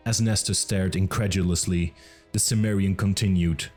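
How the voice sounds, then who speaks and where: A man with a very deep voice narrates a fantasy audiobook in a measured, dramatic way. He reads slowly and deliberately, and faint music plays underneath. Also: darkish tone. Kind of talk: scripted narration.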